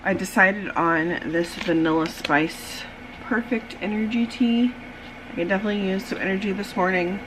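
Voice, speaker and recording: A woman, casually vlogging at home early in the morning, chatty and rambling, with a tired, husky morning voice. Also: medium pitch, fairly even intonation, moderate pace, background noise. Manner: chatty, rambling, with many fillers. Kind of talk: casual vlog chat. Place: dim home room at a desk, early morning.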